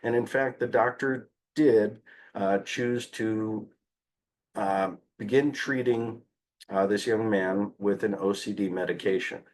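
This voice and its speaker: A man giving a conference talk as a behavior analyst, telling fieldwork stories in an animated way with frequent "uh" fillers. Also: on the low side, slow.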